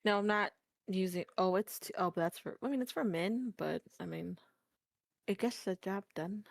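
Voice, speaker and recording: A woman's voice: mid-range voice, normal speed, vocal fry, dry recording, clean studio sound. A woman chatting casually on a live stream, giggly and rambling with lots of fillers. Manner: giggly, trailing, filler-heavy. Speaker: stream co-host.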